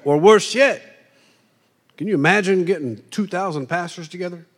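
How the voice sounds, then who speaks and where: Speaking in a large hall where long reverb rings off the walls, a middle-aged man preaches in a conversational style. He is animated, slipping in quoted voices as brief asides, and his pitch runs fairly high for a man.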